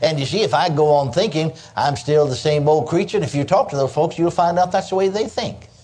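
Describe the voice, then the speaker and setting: A man with a slightly high, somewhat mellow voice preaches a sermon briskly and emphatically. He breaks in with cries of praise and calls on listeners to answer him.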